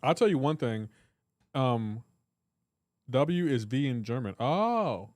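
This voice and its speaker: A man's voice: mid-range voice, sing-song, slow pace, dry recording, studio quality. A man hosting a live game stream, joking around in casual chat and answering his viewers' comments aloud.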